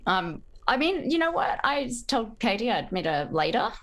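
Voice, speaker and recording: A woman's voice: fairly high pitch, very animated, normal speed, fairly bright tone. A woman playing in a tabletop game, chatting in a laid-back way. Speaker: player. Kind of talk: casual chat at a tabletop game.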